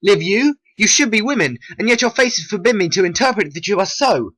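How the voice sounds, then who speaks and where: A performer playing a wary young nobleman in a homemade stop-motion play. The voice sits well above the narrator's own pitch and sounds bright and husky, with a lively, questioning rise. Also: brisk. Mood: amazed. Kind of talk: homemade animation voice acting.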